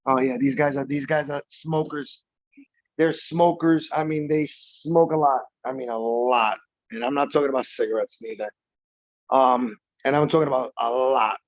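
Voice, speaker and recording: In a mid-range voice with fairly even intonation and normal speed, a baseball fan chats loosely on a livestream about his team's playoff game. A bit tipsy, he rambles between laughs, captured in dull, dry lo-fi audio with no room sound.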